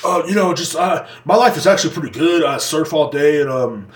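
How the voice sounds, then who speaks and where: A man voicing a carefree young surfer contestant who speaks in a relaxed drawl. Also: on the high side, a little fast, echoey room, distant mic, close to an everyday voice. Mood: laid-back. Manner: drawling, laid-back. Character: laid-back carefree young surfer guy.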